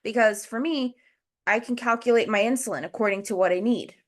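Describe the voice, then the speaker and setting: A woman's voice: a little high, a little fast. A woman hosting a casual educational livestream, out of breath, explaining things step by step and talking to her viewers in the chat over a video call. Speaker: host.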